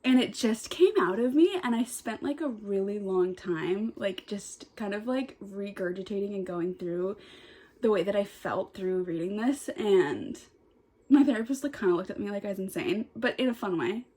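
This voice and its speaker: A woman's voice: mid-range voice, normal speed, mellow. A young woman chats into a close camera outdoors in the sun, reflecting on a book she has finished. Her talk is casual and emotional, spilling over with "like" and loose restarts. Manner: emotional, gushing, filler-heavy with many "like"s. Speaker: book vlogger. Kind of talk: casual vlog chat.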